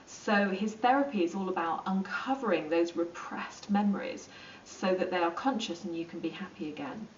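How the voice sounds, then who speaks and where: A woman explaining psychology in a relaxed, chatty lesson, with plenty of ums and acted-out asides. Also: on the low side, normal speed, slight background noise. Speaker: psychology teacher. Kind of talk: informal lesson explaining to camera. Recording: roomy, distant and dull.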